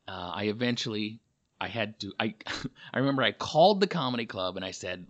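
A man's voice: lowish voice, lively intonation, fairly quick, a bit bright. A male comedian talking through a casual, rambling monologue, full of fillers and self-deprecating asides. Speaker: comedian and podcast host.

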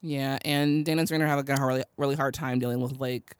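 A young adult podcast co-host in casual chat, recapping a TV episode with lots of laughter and animated retelling. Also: medium pitch, fast talker, a little hiss or hum.

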